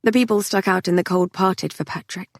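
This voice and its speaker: Low-voiced woman narrating a novel. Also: steady tone, fairly quick, dry recording, studio quality. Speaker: audiobook narrator. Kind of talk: first-person novel narration.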